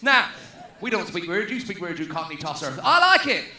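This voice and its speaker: High-voiced cheeky comedian with a southeast English accent. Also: male voice, sing-song, fairly quick, pushed and bright, reverberant. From Luton, England. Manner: cheeky, playful, calls to the crowd. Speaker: stand-up comedian. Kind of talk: stand-up routine. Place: large stadium conference venue.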